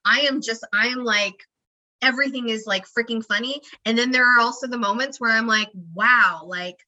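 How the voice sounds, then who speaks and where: A woman sits down for a podcast interview and talks in a bright, tense, ringing voice pitched a little high. She is chatty and animated, fills her sentences with "you know" and "like," and slips into acted-out quotes between bursts of laughter. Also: a little fast, highs cut off. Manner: expressive, acts out quoted voices, laughs often. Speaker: guest, founder and emotional wellness practitioner.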